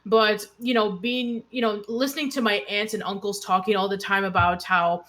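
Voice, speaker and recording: A woman's voice: medium pitch, steady tone, moderate pace, fairly bright tone. Easygoing woman from New York. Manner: easygoing, reads out viewer messages. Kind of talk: casual livestream chat.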